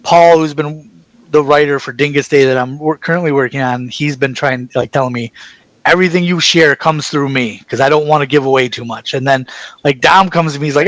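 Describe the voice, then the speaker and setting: A man guest chatting in an interview, telling stories in an excited, rambling way and acting out the back-and-forth of conversations. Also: fairly high pitch, a little fast, dry recording, rough recording. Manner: excited, rambling storyteller, acts out quoted exchanges. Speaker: actor guest. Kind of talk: casual interview chat.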